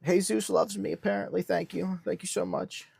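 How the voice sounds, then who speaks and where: A young man hosting a casual livestream, reading comments with a deadpan businessman act. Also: high-pitched, moderate pace, vocal fry, breathy edge, no echo. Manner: deadpan self-styled businessman persona. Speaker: livestream host.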